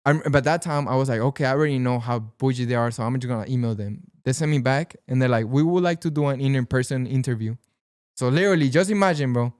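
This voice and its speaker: A young Mexican-American-accented man from Pacoima, Los Angeles, whose mother comes from Sinaloa, swaps stories as a podcast guest in a casual way. He goes back and forth between Spanish and English, leans on "bro," and acts out whoever he's quoting. He talks fast with few pauses in a clear, resonant mid-range voice, recorded dry in a clean studio.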